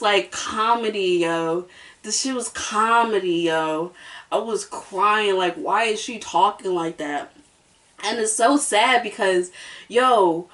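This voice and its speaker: A woman's voice: mid-range voice, fairly bright tone, far from the mic. A woman hosting a casual reality-show review, sassy and emphatic, hammering her points home by repeating them. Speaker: host.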